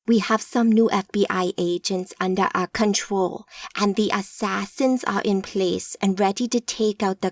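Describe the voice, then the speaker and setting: A woman voicing a man who is a voodoo priest, cold and commanding, speaking in low, quiet, clipped orders. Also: no room sound, studio quality.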